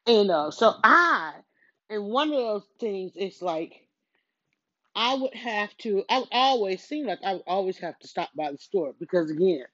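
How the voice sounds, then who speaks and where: A woman's voice: on the low side, a bit bright, no room sound. A chatty middle-aged woman tells a winding story while moving around her home. She keeps cutting herself off and acts out her own thoughts. Her headset mic sounds close, dry and a little muffled. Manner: chatty, self-interrupting, storytelling with quoted self-talk. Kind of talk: casual rambling vlog while doing chores. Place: at home, moving between rooms.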